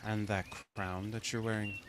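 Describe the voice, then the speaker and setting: A man voicing a gentle, motherly former queen who speaks softly and tenderly. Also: fairly low pitch, steady tone, slow, background noise. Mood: soothing.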